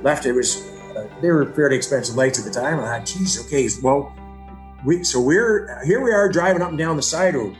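A man's voice: fairly high pitch, lively intonation, brisk, echoey room, music in the background. A man bluntly retelling events in an interview, swearing and acting out the dialogue he quotes. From Ontario, Canada. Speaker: brother of a missing woman, interviewee. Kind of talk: storytelling interview.

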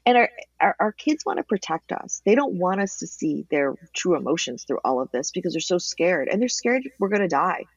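A woman's voice: lowish voice, fairly quick, few pauses, breathy edge, no room sound, lo-fi sound. Woman telling her story with feeling. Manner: animated storytelling, emotional at times. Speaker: interview guest, cancer advocate. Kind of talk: candid interview conversation.

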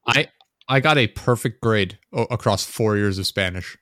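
Young guy on a podcast, lowish voice, deadpan humor, rambles a bit, dry sound. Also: moderate pace, dry recording. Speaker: podcast co-host. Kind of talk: casual chat.

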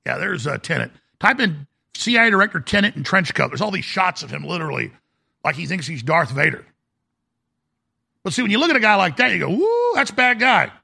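A man's voice: a little high, sing-song, a little fast, vocal fry, pushed and bright, breathy edge. A man hosting a talk show, delivering a sarcastic, combative rant. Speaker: talk radio host. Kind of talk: ranting talk show monologue.

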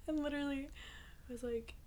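Young woman, from the American South, casual chat, fast and giggly. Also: high-pitched. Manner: fast, giggly, animated storytelling.

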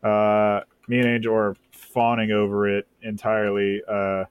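Low-voiced rambling podcast guy. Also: completely flat delivery, a little slow, clear, resonant tone, dry recording, phone-quality sound. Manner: rambling, enthusiastic, hesitant with fillers. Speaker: podcast co-host. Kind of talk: casual chat.

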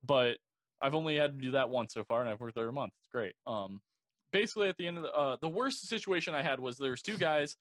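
A man's voice: medium pitch, fast, fairly bright tone, dry recording. Blunt, profane young man, dry sound. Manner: profane, blunt, rambling with many "like"s. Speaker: security guard telling a work story. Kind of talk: casual podcast chat.

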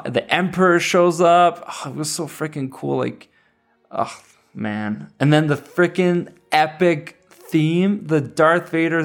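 A man in his thirties talking casually as a reviewer. He speaks eagerly and rambles, with frequent fillers and restarts. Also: mid-range voice. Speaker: series reviewer. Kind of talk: casual chat.

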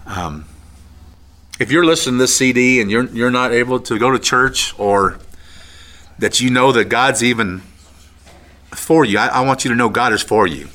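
Earnest man with a bright voice. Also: medium pitch. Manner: earnest, halting, heartfelt. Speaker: trucker giving testimony. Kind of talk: spoken testimony and prayer.

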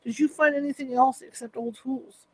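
A woman voicing a forceful male defense lawyer who barks questions at a witness, read from courtroom testimony. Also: high voice, fairly even intonation, normal speed, breathy edge, dry recording. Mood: pressing. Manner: thundering, barking questions. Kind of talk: reading courtroom testimony aloud.

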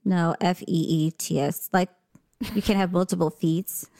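A woman's voice: a little slow, creaky, dry recording, studio quality. A woman co-hosting a casual chat, telling stories and acting out quoted voices. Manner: animated, acts out quotes in high voices. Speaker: podcast co-host.

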